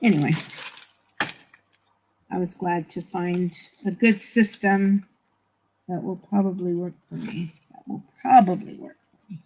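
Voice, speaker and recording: A woman's voice: fairly low pitch, fairly even intonation, a little slow, pauses often, darkish tone, low-quality recording. Chatty woman streaming art. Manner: chatty and laughing easily. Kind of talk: casual livestream chat.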